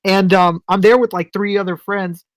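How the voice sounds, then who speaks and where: A man's voice: high voice, fairly even intonation, moderate pace. A man co-hosting a podcast, telling a story in casual chat, swearing freely and acting out what people said. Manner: profane storyteller, acts out quotes. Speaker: podcast co-host.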